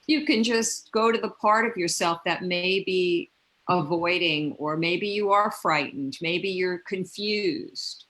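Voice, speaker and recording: A woman speaking as a guest in a spiritual conversation, gentle and heartfelt, often restarting her sentences. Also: lowish voice, slow, poor audio.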